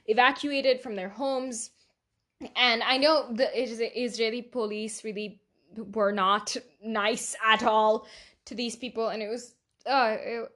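A teenage girl hosts a casual solo podcast, chatting away, laughing often, and swearing a lot. Her voice is a little high with a fairly bright tone.

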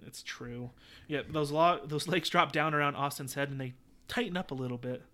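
A man's voice: fairly high pitch, normal speed. A man co-hosting a podcast, chatting casually and jokily, acting out movie lines. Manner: animated, jokey, acts out movie lines. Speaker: podcast co-host. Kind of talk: casual chat.

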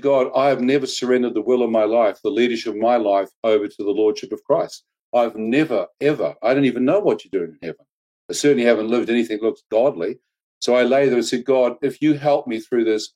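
A man, earnestly recounting a personal near-death testimony with reflective pauses and wry humor. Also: mid-range voice, dark tone. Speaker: guest telling his testimony.

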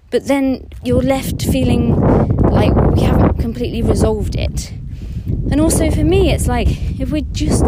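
A woman fertility therapist and coach talking in a casual podcast monologue. She is chatty and expressive and acts out her clients' voices, then softens to a near-whisper at tender points. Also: medium pitch, heavy background noise.

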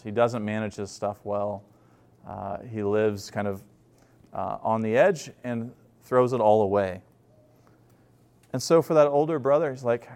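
A man's voice: mid-range voice, darkish tone. A man preaching a sermon in a conversational storytelling way, with frequent fillers and restarts. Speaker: pastor.

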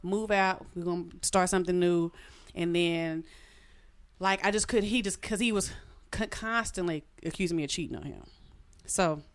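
A woman telling a personal story in casual chat, animated and frank, swearing freely. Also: moderate pace. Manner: animated, swoops her voice high when reenacting.

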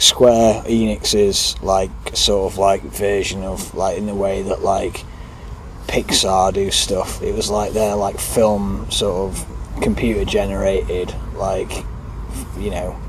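A man's voice: lowish voice, flat delivery, slow, slight background noise. A man co-hosting a casual podcast, rambling with lots of fillers and frequent laughter. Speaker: podcast co-host. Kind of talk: casual chat.

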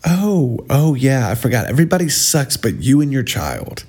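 A man's voice: mid-range voice, sing-song, moderate pace, hardly any pauses, a little mellow, husky. A man vlogging sarcastic, mocking commentary on posts he reads aloud.

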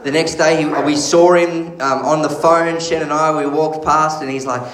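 Male pastor, slightly high voice, animated sermon storyteller, roomy echo. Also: moderate pace, hardly any pauses, slight background noise.

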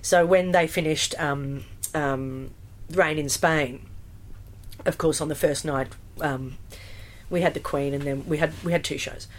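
A woman, a musical theatre performer chatting in an interview, animated and full of fillers and restarts. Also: low voice, a little slow. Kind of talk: casual interview storytelling.

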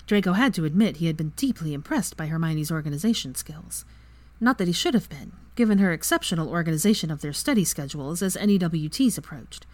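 A woman's voice: on the low side, darkish tone, no room sound. A woman narrating a story aloud as a fan fiction reader. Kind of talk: audiobook narration.

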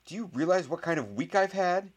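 A man's voice: fairly low pitch, lively intonation, brisk. A man voicing an indignant, pompous young schoolboy in a read-aloud story. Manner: exasperated, pompous, wailing. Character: indignant clever young schoolboy, proud and dramatic.

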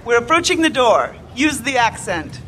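A bossy sarcastic mind reader. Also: female voice, a little high, big pitch swings, moderate pace, a bit bright, slight background noise. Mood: commanding. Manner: dry, commanding, sarcastic. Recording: music underneath.

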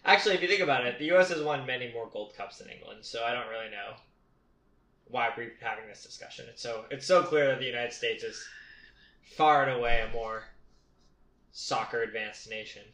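A man's voice: mid-range voice, brisk, fairly bright tone. A young man hosting a casual podcast, confident and opinionated in a playful way. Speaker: podcast host. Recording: roomy echo.

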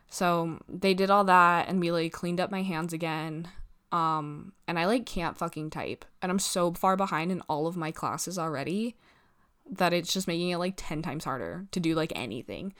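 A woman's voice: on the low side, fairly quick, clear, resonant tone. A young woman telling a long story in casual chat, rambling, saying "like" constantly, swearing and acting out what other people said. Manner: rambling, peppered with "like" and swearing, acts out quoted people. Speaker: vlogger.

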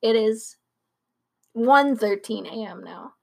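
A woman's voice: on the high side, takes it slowly, gravelly, a little mellow. A young woman co-hosting a late-night podcast, rambling casually with lots of fillers and restarts. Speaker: podcast co-host.

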